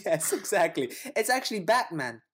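Giggly low-voiced podcast co-host woman. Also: very animated, normal speed, breathy edge. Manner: giggly, rambling storyteller. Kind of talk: casual podcast chat.

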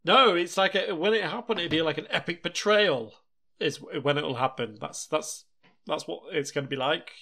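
A man's voice: fairly high pitch, bright, forceful tone. A man co-hosting a podcast, chatting casually with a playful, giggly manner. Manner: giggly, playful, quick jokes. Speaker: podcast co-host. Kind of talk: casual chat.

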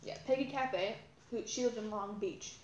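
A high-voiced teenage girl rambles through a story for a podcast, giggling and breaking off into asides. The room around her rings with echo. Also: normal speed, highs cut off, a little hiss or hum. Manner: giggly, rambling, self-interrupting. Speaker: podcast co-host. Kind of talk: casual chat, storytelling. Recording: roomy echo.

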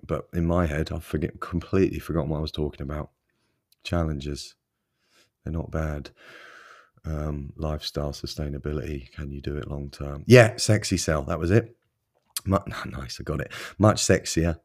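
Deep-voiced man, rambling podcast pep talk. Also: fairly even intonation, normal speed, a little mellow. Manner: rambling, self-deprecating, encouraging. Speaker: podcast host. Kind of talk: solo motivational podcast talk.

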